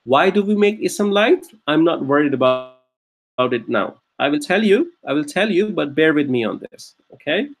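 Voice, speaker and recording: A man's voice: a little high, expressive, normal speed. A man teaching an online grammar class, patiently repeating each point and checking that students follow. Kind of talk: online Arabic grammar lesson.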